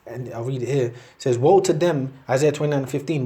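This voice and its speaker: A man delivers an informal sermon in a mellow, warm voice, mid-pitched and unhurried. He keeps it conversational, drops in scripture readings, and tacks "man" onto the end of his points. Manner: loose and conversational, tags lines with "man". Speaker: preacher. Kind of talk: casual street-style preaching with scripture reading.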